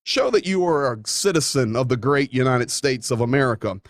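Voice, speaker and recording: A man's voice: mid-range voice, animated, normal speed, no echo, clean studio sound. A man hosting a talk show, delivering a folksy, emphatic monologue with playful asides. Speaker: show host.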